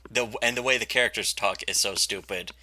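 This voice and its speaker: A man's voice: lowish voice, fairly quick, pushed and bright, a little hiss or hum. A man hosting a comics review in casual, profane chat, rambling and laughing often as he goes. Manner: laughing, rambling, swears a lot.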